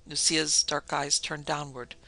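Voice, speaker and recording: A man narrating a classic horror story in a measured, dramatic storytelling manner. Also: fairly high pitch, level tone, bright, forceful tone. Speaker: podcast narrator.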